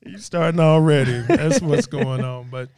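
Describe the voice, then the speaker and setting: A man's voice: fairly high pitch, lively intonation, moderate pace, a little mellow. A man co-hosting a podcast, joking casually with a preacher-like cadence. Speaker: podcast co-host. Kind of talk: casual chat.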